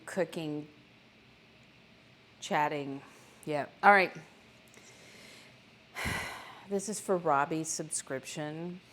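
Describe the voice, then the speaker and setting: A woman's voice: sits low, slight background noise. A woman hosting a live cooking stream from her home kitchen, chatting casually and joking at herself while she cooks. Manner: chatty and self-deprecating, talks to viewers while cooking.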